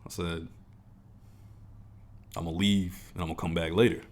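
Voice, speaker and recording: A man's voice: deep voice, little pitch movement, normal speed, darkish tone. A young man co-hosting a podcast, telling a profane story in casual chat and acting out the quotes. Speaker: podcast co-host.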